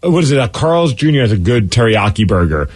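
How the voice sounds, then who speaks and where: A man's voice: medium pitch, big pitch swings, a little fast, slightly rough, no echo, clean studio sound. A man co-hosting a radio show, telling wisecracking stories in casual banter. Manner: storytelling, wisecracking. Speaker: radio co-host.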